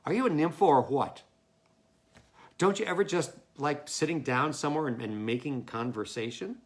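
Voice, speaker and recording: Man reading earnest, stuffy young college guy, jealous, scolds in loud spurts. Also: on the high side, normal speed, lightly acted. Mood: scolding. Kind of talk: staged play reading. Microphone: home mic.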